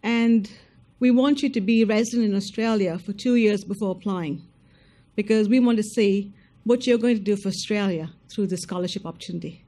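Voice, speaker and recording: A woman's voice: mid-range voice, brisk, dark tone. A woman presenting at an information session, speaking directly and emphatically to applicants and checking in with them often. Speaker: scholarship program presenter.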